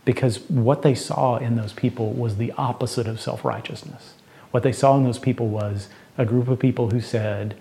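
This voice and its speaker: Earnest middle-aged pastor, mellow voice. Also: male voice, mid-range voice, steady tone, moderate pace, creaky. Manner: earnest, conversational storyteller. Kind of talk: sermon with storytelling and closing prayer.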